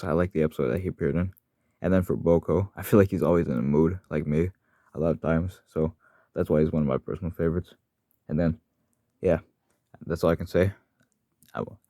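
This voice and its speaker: With a very deep, mellow voice, a fan voice actor rambles casually on his channel about the characters he plays, frequently correcting himself and apologizing. The sound is clean studio quality with no room sound.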